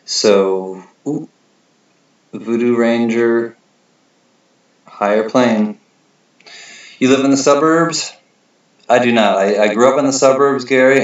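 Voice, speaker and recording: A man with a lowish voice runs a relaxed livestream, reading viewer comments aloud and rambling with easy laughter. The audio has its highs cut off.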